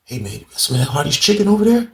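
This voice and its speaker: Brief: man doing eager male customer, halting and rambling, voice raised. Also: fairly high pitch, sing-song, gravelly, darkish tone, roomy sound, recorded from a distance, a little hiss or hum, voice pushed up. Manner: halting, rambling, repeats himself.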